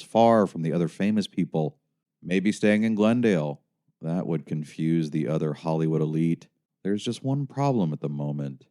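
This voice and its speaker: A man's voice: sits low, mellow. A young man narrating his own story in the first person as an audiobook, wry, weary and sardonic. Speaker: author and narrator.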